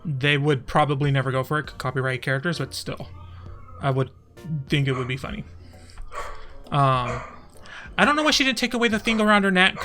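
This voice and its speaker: A young man from Texas rambles through casual stream commentary, laughing often and breaking off mid-sentence. His voice is bright and sits a touch high. Faint music plays under him. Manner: chatty, laughing often, trailing off.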